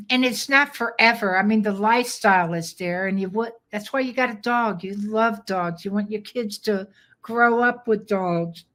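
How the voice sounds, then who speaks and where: A woman's voice: mid-range voice, normal speed, a bit bright. Firm older woman dog trainer. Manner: firm, direct, plainspoken. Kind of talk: live webinar sales pitch.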